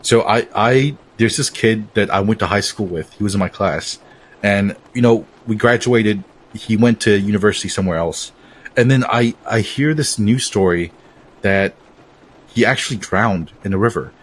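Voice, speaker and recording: A man's voice: lowish voice, moderate pace, slightly rough. A young man co-hosting a podcast, talking in slangy casual chat, calling people "dude" and swearing. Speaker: podcast co-host.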